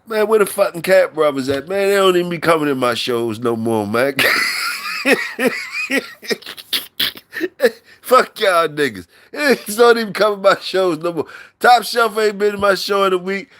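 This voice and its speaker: A man's voice: high voice, expressive, fairly quick, fairly bright tone. A man hosting a live stream in loose, profane, repetitive banter with his chat, talking on a mic from his workplace.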